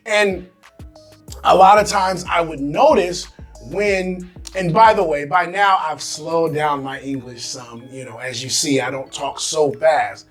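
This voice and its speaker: A man's voice: a little high, a little slow, faint music behind. An American man hosting his own vlog, talking casually and animatedly to camera in slangy speech. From United States. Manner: animated, slangy, acts out quoted voices. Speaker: expat vlogger host.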